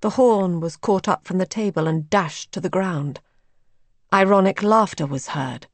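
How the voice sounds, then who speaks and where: A woman narrating a story in a measured, even way. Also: fairly low pitch, no room sound.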